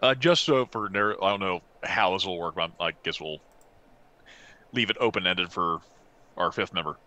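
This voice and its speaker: A man playing a tabletop game, animated and teasing. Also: deep voice, moderate pace. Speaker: player. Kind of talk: casual tabletop play.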